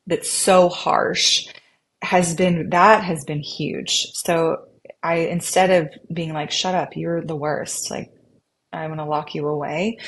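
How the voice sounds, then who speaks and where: A woman speaking as a podcast guest in a reflective conversation, earnest and often acting out an inner dialogue. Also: lowish voice. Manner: warm, earnest, acts out inner dialogue in quotes.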